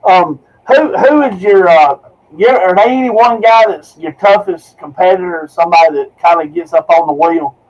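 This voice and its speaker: A man's voice: sits high, normal speed, darkish tone, muffled recording. A man hosting a casual interview show, asking long rambling questions full of fillers. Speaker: show host.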